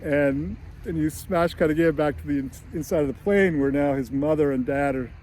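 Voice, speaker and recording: A man with a somewhat high voice recaps a film scene by scene in a loose, chatty way. He laughs often and breaks into little acted-out lines. Faint background noise sits under his voice. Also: moderate pace. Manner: animated storytelling, laughs often, acts out lines. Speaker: screenwriting channel host. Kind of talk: casual film recap and commentary.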